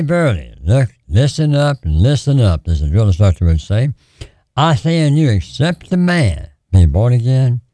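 This radio preacher fields prayer calls, his deep, mellow, dark-toned voice swinging up and down as he moves between prayer and sermon. Repeated phrases and pleading carry a steady cadence, captured in a close, dry studio recording.

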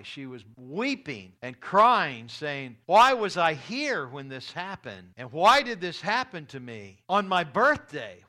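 A man's voice: medium pitch, fairly bright tone. A man preaching a sermon as pastor, earnest and storytelling, with emphatic rises.

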